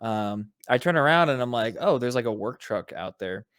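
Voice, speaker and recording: A man with a mid-pitched voice chats loosely as a podcast co-host, rambling through his week, restarting sentences and breaking into laughter. His voice is recorded close and dry, with no room sound. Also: lively intonation, normal speed, fairly bright tone, smooth, dry recording. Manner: rambling, laughing, swears freely. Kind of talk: casual chat.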